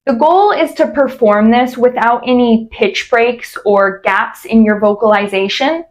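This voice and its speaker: Female voice coach, clear instructional delivery, slightly high pitch. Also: a little slow. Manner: clear, explanatory, demonstrates sung glides. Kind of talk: instructional voice exercise lesson.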